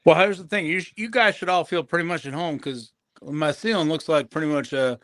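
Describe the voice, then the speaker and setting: Man rambling crudely, slightly high. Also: a little fast, fairly bright tone. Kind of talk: casual crude banter.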